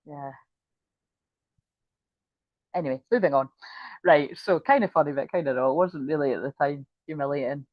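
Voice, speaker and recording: A middle-aged woman with a fairly low voice, talking through a tarot reading in a loose, rambling way. She giggles and swears, keeps wandering off on asides, and sounds tired. The audio is dull, lo-fi and dry. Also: normal speed, long pauses, no echo. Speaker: tarot reader. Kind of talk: casual tarot reading chat.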